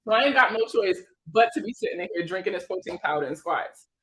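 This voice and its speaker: A woman's voice: mid-range voice, lively intonation, fast talker, a bit bright, low-quality recording. A woman in her thirties with a Prince George's County, Maryland accent, hosting a casual credit advice livestream, chatty and joking with frequent laughter. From Maryland, USA.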